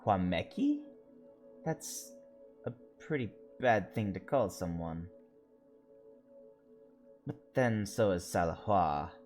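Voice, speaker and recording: A man with a fairly low voice reads a story game's dialogue aloud during a stream. He voices several characters in turn and slows down to sound out invented words. Faint music plays behind him. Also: darkish tone.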